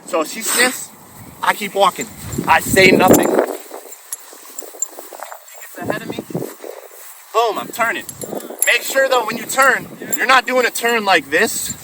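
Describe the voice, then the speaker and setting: A man with a high-pitched voice explains dog training step by step, relaxed, as he walks a dog outdoors. He is picked up from some distance, with clear outdoor noise of traffic and animals behind him. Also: a little slow, long pauses. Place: outdoors while walking a dog.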